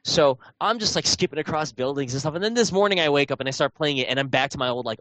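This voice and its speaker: A man's voice: medium pitch, quick pace, a bit bright, no echo. Rambling man telling a gaming story. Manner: rambling storyteller, many fillers and restarts. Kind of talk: casual chat.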